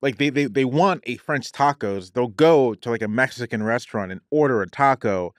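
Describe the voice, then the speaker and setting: A man guesting on a comedy podcast, talking in a wry, animated way. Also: medium pitch, moderate pace, no echo, clean studio sound. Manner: animated, wry, jokes in a put-on radio voice. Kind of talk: casual comedic chat.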